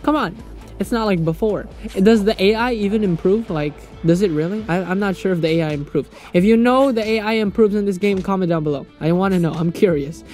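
A young man giving let's play commentary on a mobile fighting game, crude and joking, with loud excitable outbursts. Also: high voice, fairly quick, faint music behind. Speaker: gaming YouTuber.

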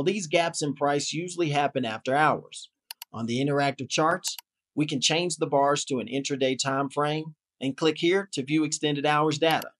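A man narrating a scripted software tutorial in an upbeat, polished promotional manner. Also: on the high side.

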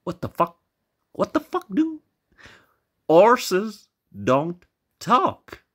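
A man voicing an angry, foul-mouthed male farmer who shouts in a high, strained voice. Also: huge pitch swings, a little fast, slightly rough, heavily acted. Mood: incredulous. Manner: shrill, shouting, swearing.

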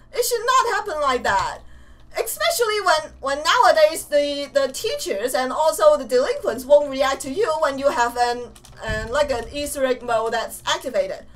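A woman playing a video game and commenting excitedly, laughing and shouting often. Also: high-pitched. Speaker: gamer. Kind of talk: let's play commentary. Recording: distant mic with game music. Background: game music.

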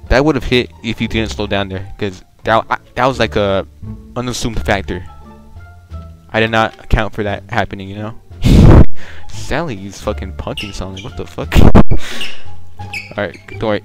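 A young male gaming video creator with a voice on the low side plays a game online while offering casual, profane, joking commentary. He rambles and breaks into loud bursts of excitement.

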